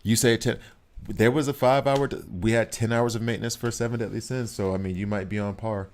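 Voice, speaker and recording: A man giving live commentary on a game he is playing, talking to the characters on screen and reacting out loud. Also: fairly low pitch, brisk. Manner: excitable, talks to the game characters. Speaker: gaming streamer.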